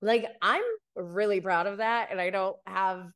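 A woman hosting a podcast, telling a story in a casual, chatty way with lots of fillers. She gets animated when she quotes other people. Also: mid-range voice, measured pace, clean tone. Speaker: podcast host.

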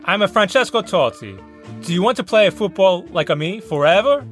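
A man's voice: animated, normal speed, a bit bright, soft background music. A man voicing a vain aging Italian football star selling a cream, in a put-on Italian accent and broken English. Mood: boastful. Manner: hammy broken-English sales pitch.

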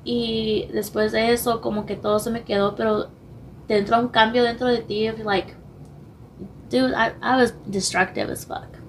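A young woman with a hoarse voice, a podcast guest speaking candidly and haltingly, switching languages mid-sentence. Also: a little high, fairly even intonation, slight background noise. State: losing her voice, hoarse. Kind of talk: candid personal interview.

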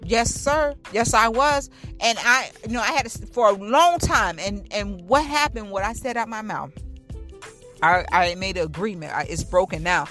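Woman in her thirties, heartfelt testimony, mid-pitched voice, soft music underneath. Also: normal speed. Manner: earnest, repetitive, talks straight to listeners. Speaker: speaker sharing her testimony. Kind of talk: candid personal testimony.

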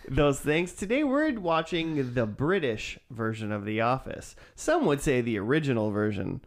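A man hosts a casual podcast with his friends in an easygoing, joking way. His voice sits at an ordinary middle pitch and he teases as he talks. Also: sing-song, normal speed. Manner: joking, teasing. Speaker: podcast host. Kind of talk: casual chat.

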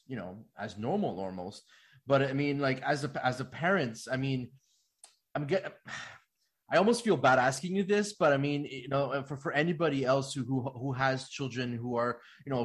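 Male host, mid-pitched voice, rambling questions full of fillers and false starts. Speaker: radio host. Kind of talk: interview hosting.

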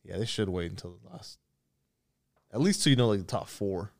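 A man's voice: fairly low pitch, animated, a little fast, darkish tone. A man co-hosting a casual sports chat, blunt and profane, steering the topics. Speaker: podcast co-host.

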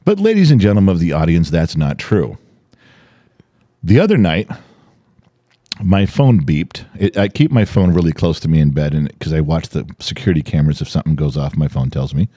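An older man, co-hosting a podcast, chatting casually and telling animated stories with acted-out voices. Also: rumbling low, fairly quick, no echo, studio quality. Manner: animated storytelling, acting out voices. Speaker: podcast co-host. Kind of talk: casual chat.

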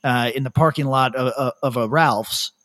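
A man hosting a podcast, telling rambling stories in casual chat, laughing often and dropping his voice low to quote people. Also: normal speed, fairly bright tone. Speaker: podcast host.

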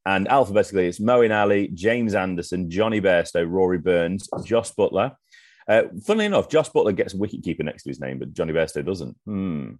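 Deep-voiced man, podcast co-host. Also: lively intonation, brisk, darkish tone, no echo, studio quality. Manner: enthusiastic, chatty, reads through lists. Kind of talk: casual sports podcast chat.

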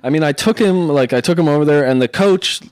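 A man's voice: fairly high pitch, fast talker, no echo. A young man in casual chat, rambling with lots of fillers and swearing as he talks about his son. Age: young adult.

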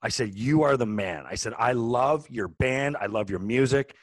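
Forties male co-host, casual storyteller with frequent restarts, mid pitch, dry close-miked sound. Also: moderate pace, dry recording. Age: 40s. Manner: animated, rambling with many restarts. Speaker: podcast co-host.

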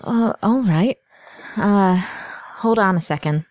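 A woman narrating as game master of a tabletop game, animated and hesitant with many fillers. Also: mid-range voice, slow, no room sound.

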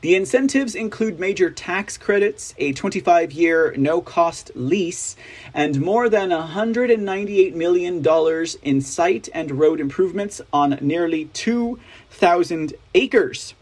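A Texan man with a husky, rather high voice hosts an opinionated news show. He reads out articles and breaks off into sarcastic, rambling asides, tagging his points with "right?". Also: lively intonation, measured pace. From Texas. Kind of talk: opinionated commentary reading news.

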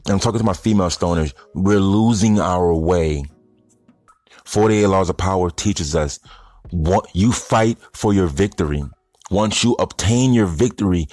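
A man's voice: deep voice, darkish tone, dry recording. A man giving a blunt, rambling, casual opinion monologue to his audience of stoners. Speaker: vlogger addressing stoner audience.

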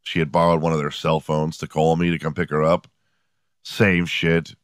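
A man's voice: extremely low pitch, level tone, normal speed, no echo, clean studio sound. A man in his forties hosting a podcast, telling rambling comedic stories in a profane, sardonic way. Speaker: podcast host. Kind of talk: comedic storytelling monologue.

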